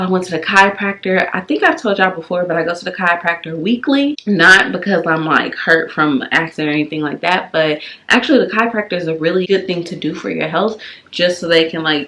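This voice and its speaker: Young woman, casual vlog host, slightly low voice, chatty and open with her viewers. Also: fairly bright tone. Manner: chatty, addresses viewers as y'all. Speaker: vlogger, mother.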